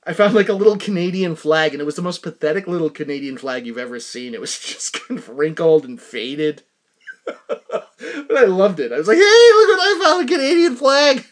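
A man's voice: fairly high pitch, a little fast. A middle-aged American man hosting a podcast, rambling in casual chat with lots of fillers and restarts. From United States. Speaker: podcast host.

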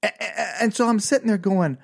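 An older man hosting a podcast, telling a self-mocking comic story with animated, exasperated outbursts. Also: high voice, fairly quick, creaky. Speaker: podcast host.

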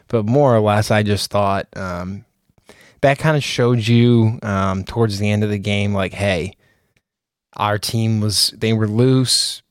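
Low-voiced man chatting sports podcast. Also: smooth, no room sound, studio quality. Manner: chatty, easily amused, repeats words. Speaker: podcast co-host. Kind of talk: casual sports podcast chat.

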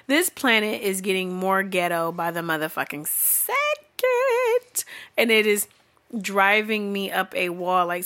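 A woman's voice: medium pitch, bright, forceful tone. A woman ranting bluntly and profanely in an unscripted comedic monologue, sounding exasperated and often laughing. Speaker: vlogger.

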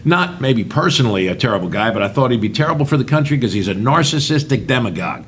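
Older man, podcast co-host, blunt, profane, halting restarts, faint low rumble. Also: lively intonation, a bit bright. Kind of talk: casual political chat.

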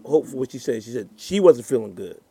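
A man's voice: mid-range voice, brisk, vocal fry. A man in his fifties on a comedy panel, arguing emphatically, cutting in and acting out what others say. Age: 50s. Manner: animated, emphatic, interrupts to argue; acts out quoted voices. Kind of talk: casual panel chat.

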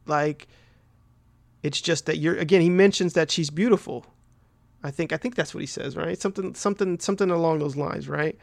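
A man's voice: on the high side, quick pace, creaky, dry recording. A man hosting a podcast, casually recapping a film plot in a rambling, profane way, full of fillers and "right?" tags. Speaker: podcast host.

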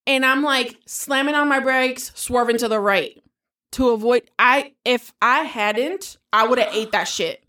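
A woman in her thirties, telling a story in casual chat, animated and swearing freely. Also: a little high, measured pace.

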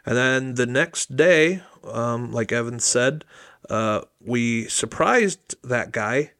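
A man's voice: mid-range voice, animated, slow, a bit bright, no room sound. Laid-back young man, dry sound. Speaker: podcast co-host. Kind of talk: casual chat.

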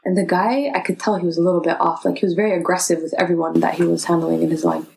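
Quick-talking young woman telling a story. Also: on the low side, steady tone, gravelly, darkish tone, slight background noise. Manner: recounts events step by step, acting out others. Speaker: podcast co-host. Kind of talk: casual chat.

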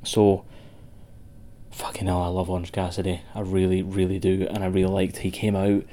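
A man's voice: sits low, completely flat delivery, normal speed, dark tone. A Scottish man co-hosting a wrestling podcast, rambling and swearing as he chats with a friend. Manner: sweary, rambling, laughs a lot. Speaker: podcast co-host. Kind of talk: casual podcast chat.

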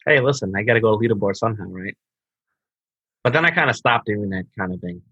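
Husky low-voiced man on a dull mic. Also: lively intonation, fast talker, bright, forceful tone, dry recording. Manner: laid-back, says bro, slurs over restarts. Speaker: podcast co-host. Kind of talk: casual podcast chat.

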